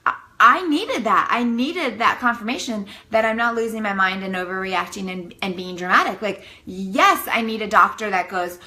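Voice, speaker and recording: A woman vlogging to her viewers, telling a story in a dramatic, animated way full of "like". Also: medium pitch, moderate pace, poor audio. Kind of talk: casual storytelling to camera.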